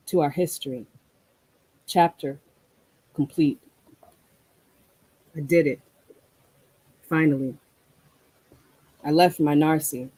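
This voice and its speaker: A guest poet with a mid-range, mellow voice performs spoken-word verse with deliberate, rhythmic delivery. Between pieces the voice turns to easygoing reflective conversation in the same warm tone. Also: medium pitch, low-quality recording.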